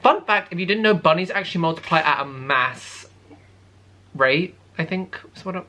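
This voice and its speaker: Lively, bright-voiced young man chatting. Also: moderate pace. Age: 20s. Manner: camp, dramatic and oversharing, with sudden high squeals. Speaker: YouTuber. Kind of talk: casual chat to camera. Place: bedroom.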